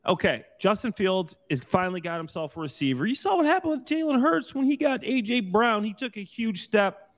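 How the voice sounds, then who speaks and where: A man who played pro football, talking loosely and excitedly in bursts, with restarts, on a sports panel. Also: high voice, fairly quick. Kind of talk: casual sports chat.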